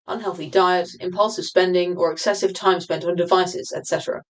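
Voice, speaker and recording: A woman reads aloud from her own nonfiction book for a livestream audience. Her voice sits on the low side, and she keeps a steady, explanatory pace, now and then backing up to restart a word. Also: low-quality recording. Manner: measured, explanatory reading with occasional restarts.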